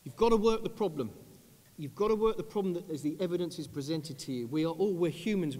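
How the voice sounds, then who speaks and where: British officer, 30s, earnest panel speaker, slightly high voice, long hall reverb. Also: male voice. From United Kingdom. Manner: earnest, measured, drops low and quiet on grave points. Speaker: army officer on a conference panel. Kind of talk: panel talk. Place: large conference hall.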